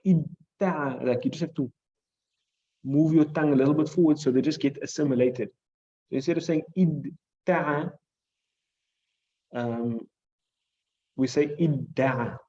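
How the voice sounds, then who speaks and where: A man with a voice on the high side speaks at a moderate pace with long pauses, sounding mellow over lo-fi audio. As an Islamic studies teacher with a South African accent, he patiently covers hadith and Arabic grammar in class, repeating key points and checking understanding with "right?".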